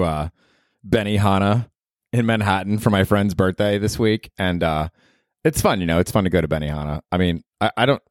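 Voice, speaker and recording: A man's voice: lowish voice, no echo, clean studio sound. A man in his thirties hosting a solo podcast, telling rambling, profane stories and chuckling. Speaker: podcast host. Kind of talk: casual solo podcast monologue.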